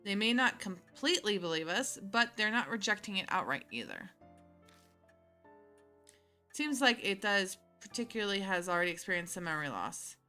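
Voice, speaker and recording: A woman's voice: medium pitch, sing-song, normal speed, bright, forceful tone, soft background music. A woman streamer casually reading and chatting through a story game, laughing often. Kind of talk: casual let's-play commentary and reading.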